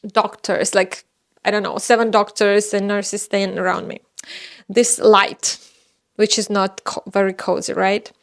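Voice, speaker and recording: Young woman, russian is her first language, chatty storytelling, jumps up high when she gets excited. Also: vocal fry. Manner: animated, with sudden high exclamations and laughs. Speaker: vlogger telling her birth story. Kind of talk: casual storytelling.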